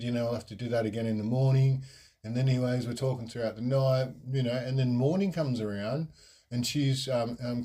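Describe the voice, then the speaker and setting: Young aussie guy on his podcast, rambly and blunt, lots of ums, warm dark voice. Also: medium pitch. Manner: rambling, frank, lots of fillers and restarts. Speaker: podcast host. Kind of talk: casual storytelling monologue.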